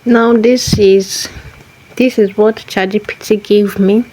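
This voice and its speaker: A woman's voice: mid-range voice, fairly even intonation, slow, dark tone, rough recording. A woman hosting a screen tutorial, walking through each step methodically and repeating key phrases as she goes. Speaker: tutorial host.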